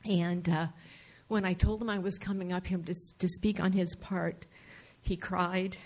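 An older man speaks at a public hearing, his voice halting and tearful. He stumbles through his words with many pauses and restarts, and the emotion sits close to the surface throughout. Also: sits high, flat delivery. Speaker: public commenter.

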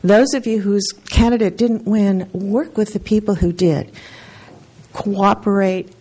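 A woman's voice: mid-range voice, steady tone, measured pace, warm tone, breathy edge. Emotional woman mayor giving a farewell speech. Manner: heartfelt, earnest, close to tears. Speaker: outgoing mayor. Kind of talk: farewell speech at a council meeting. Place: city council chamber.

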